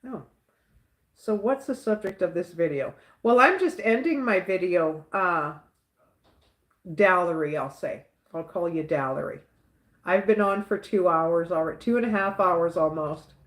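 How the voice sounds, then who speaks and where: A woman's voice: fairly low pitch, unhurried, echoey room. A woman hosting a livestream, chatting casually and reading out viewer comments, laughing often and repeating little catchphrases. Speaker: livestream host.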